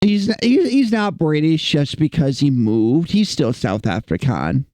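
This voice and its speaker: A man's voice: a little high, sing-song, measured pace, dark tone, dry recording. A man streaming casually, chatting with his chat in a playful, teasing way. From United States.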